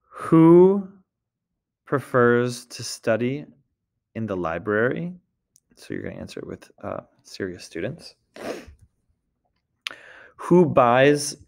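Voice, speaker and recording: A man's voice: on the low side, creaky. A man teaching a recorded French lesson, explaining step by step and often checking in with the class.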